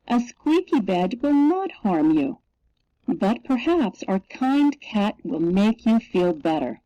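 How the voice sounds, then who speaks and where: Patient storybook mother, read by a woman, gentle, dry and close. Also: medium pitch, very animated, slow pace, no room sound. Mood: soothing. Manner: soothing, patient. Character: gentle soothing mother, calm and reassuring. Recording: dull lo-fi recording.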